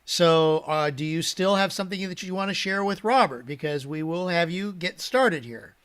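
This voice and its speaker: A man's voice: a little high, lively intonation, moderate pace, fairly bright tone, clear, resonant tone. A man moderating a Q&A call, upbeat and calling on participants by name over a video call. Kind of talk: casual moderating.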